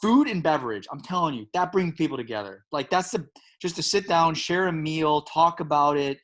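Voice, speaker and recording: A man's voice: a little high, lively intonation, fairly quick, fairly bright tone. A middle-aged man from Chicago with a Chicago accent, chatting casually as a guest with lots of restarts and enthusiasm. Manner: enthusiastic, rambling with many restarts. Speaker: guest, home pizza maker. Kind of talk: casual chat.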